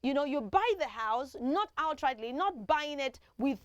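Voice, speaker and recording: A woman hosting a children's TV show, teaching in an animated way and having kids repeat words after her. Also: high voice, normal speed, no room sound, dull audio. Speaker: children's TV host.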